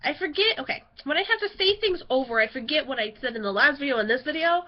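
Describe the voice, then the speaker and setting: Young woman, high voice, chatty and sidetracked, home vlog, dull lo-fi sound. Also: expressive, fast talker. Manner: chatty, giggly, easily sidetracked. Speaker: vlogger. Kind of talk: casual rambling vlog.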